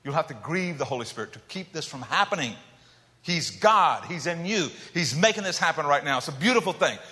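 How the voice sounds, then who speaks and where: A man preaching a dramatic sermon, shifting between loud emphatic calls and hushed low asides. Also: expressive, fairly quick. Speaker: pastor. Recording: long hall reverb.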